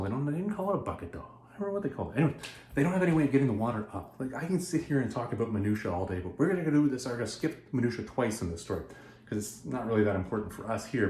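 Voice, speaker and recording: A man's voice: medium pitch, a little mellow. A man hosting a video, recapping a story in a chatty, digressive way and correcting himself as he goes. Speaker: video host. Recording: echoey room.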